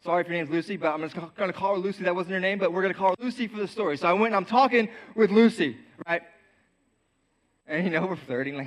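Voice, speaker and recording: A man's voice: high voice, fast. A young man giving a youth sermon. He jokes with the crowd and tells a story, acting out the voices in it. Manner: lively, joking with the crowd, acts out voices in his story. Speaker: youth pastor. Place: church youth service before an audience.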